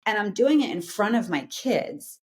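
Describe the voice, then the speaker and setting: A psychologist in her forties speaks as a guest in a casual interview, her mid-range voice expressive and her speed normal. She explains things earnestly and keeps checking in with "right?"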